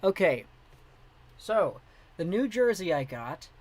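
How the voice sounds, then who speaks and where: A man's voice: sits high, very animated, slow, rough recording. A young man hosting a casual hockey livestream, chatting and answering viewers' messages. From Vancouver, Canada. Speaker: livestream host.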